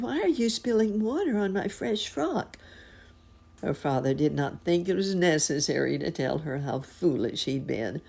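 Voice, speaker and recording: A woman reads a storybook aloud, slow and expressive. Her voice is low and gravelly, with a husky, mellow warmth. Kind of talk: storybook reading.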